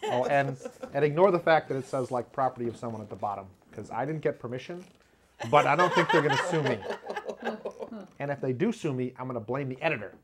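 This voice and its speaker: A man's voice: quick pace, few pauses, noisy background. Rambling, self-mocking man hosting a show. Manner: rambling, self-mocking, laughs at own jokes; lively pitch jumps when acting out quotes. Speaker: video show host. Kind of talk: casual comedic monologue. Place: home studio with black curtain behind.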